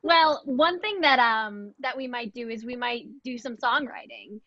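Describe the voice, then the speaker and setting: A young adult woman, appearing as a guest music therapist in a casual interview, explains her methods with frequent "like" and "um." Her voice is on the high side and unhurried. The recording is dry, with no echo and a dull, lo-fi sound.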